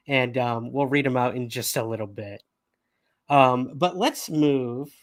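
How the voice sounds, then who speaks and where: Guy hosting a livestream news chat, loose and chatty, mid pitch, dry close sound. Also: dry recording. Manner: casual, chatty, with fillers and laughs. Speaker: podcast host.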